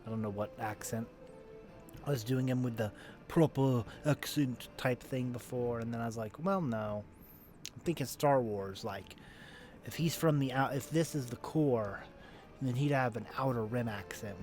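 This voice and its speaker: A man's voice: medium pitch, moderate pace, darkish tone, faint music behind. A man streaming a video game, chatting casually in a rambling, self-mocking way. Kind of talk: casual game commentary with voiced readings.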